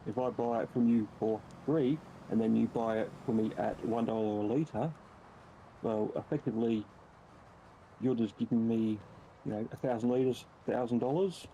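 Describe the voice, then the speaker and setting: A man's voice: medium pitch, fairly even intonation, moderate pace, warm tone, a little hiss or hum, rough recording. An Australian man chatting and patiently explaining things over voice chat while playing a driving game. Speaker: game streamer. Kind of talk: casual multiplayer game chat.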